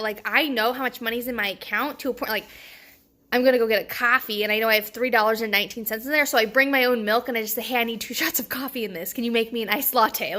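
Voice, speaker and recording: A young woman chatting casually to camera in a personal vlog, excitable and quick to laugh, with lots of fillers. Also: a little high. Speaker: vlogger.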